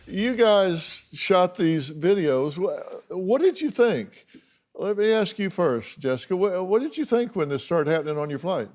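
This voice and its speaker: Man hosting a talk show, higher voice. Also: lively intonation, darkish tone, faint music behind. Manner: probing, quick questions. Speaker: host. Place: TV studio.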